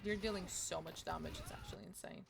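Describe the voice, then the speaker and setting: A woman's voice: lowish voice, wildly swooping pitch, fast, gravelly. A woman streaming a game, chatting casually and teasing her teammates with flirty banter. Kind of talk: casual gameplay chat.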